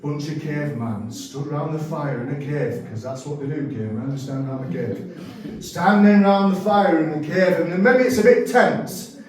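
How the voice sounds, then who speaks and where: A man doing a stand-up comedy set, telling rambling, animated stories and correcting himself as he goes. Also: on the high side, moderate pace. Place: comedy club stage. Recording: very echoey room, mic at a distance.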